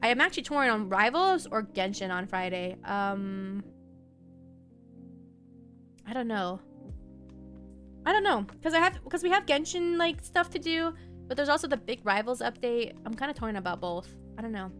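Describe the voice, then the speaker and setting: A woman's voice: a little high, lively intonation, moderate pace, long pauses, a bit bright, soft background music. A young adult woman streaming and chatting casually, rambling from one thing to the next and laughing often. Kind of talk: casual chat.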